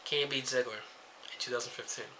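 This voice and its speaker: A man's voice: mid-range voice, flat delivery, brisk, bright, forceful tone, slight background noise. A young man reviewing a wrestling show in a casual rant, sarcastic and swearing freely as he jumps between topics.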